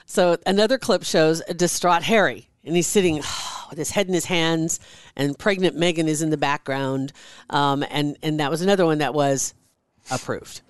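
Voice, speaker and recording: A woman's voice: low voice, moderate pace, smooth, no room sound. Gossipy woman podcast co-host. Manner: gossipy, laughs while telling stories. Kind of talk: casual chat.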